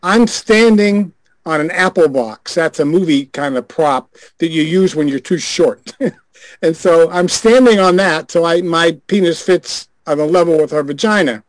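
A man's voice: a little high, normal speed, no echo, low-quality recording. An older man, a guest on a group call, telling a frank show-business story with wry chuckles. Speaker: guest, former adult film director. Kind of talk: anecdote in a group video call.

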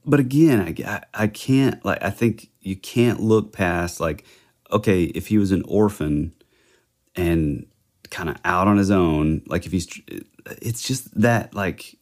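A man's voice: low-pitched, animated, measured pace, a little mellow. A man co-hosting a podcast, thinking aloud hesitantly in casual true-crime chat. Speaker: podcast co-host.

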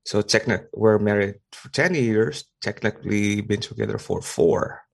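A man calling in to a podcast, speaking haltingly with many fillers. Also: on the low side, vocal fry. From Philippines. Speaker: caller. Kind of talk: casual chat.

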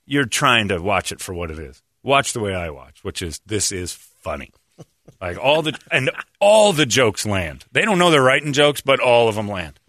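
An animated man riffing on a radio show. His voice swings widely in pitch and stays bright and forward, recorded close and dry in the studio. He talks in a loose comic flow and keeps breaking into mocking voices. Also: moderate pace, dry recording. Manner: animated, laughing, jumps into mocking high-pitched quoted voices. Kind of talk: casual comedic talk radio banter.

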